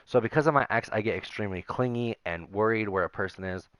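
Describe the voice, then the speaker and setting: Young male vlogger, low-pitched, dry close sound; aggrieved, rambling vent to camera. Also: quick pace, fairly bright tone, no echo. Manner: aggrieved, rambling, reads out messages. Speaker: gaming YouTuber.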